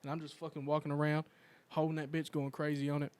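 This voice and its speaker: A young man hosting a casual chat, telling profane stories and shouting out quoted lines. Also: fairly high pitch, monotone, fast talker, smooth, dry recording. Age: young adult. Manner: profane storytelling, loud acted quotes. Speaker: podcast host.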